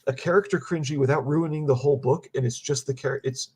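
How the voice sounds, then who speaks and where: A man co-hosting a casual comic review chat, chatty and quick to agree. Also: medium pitch, husky. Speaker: podcast co-host.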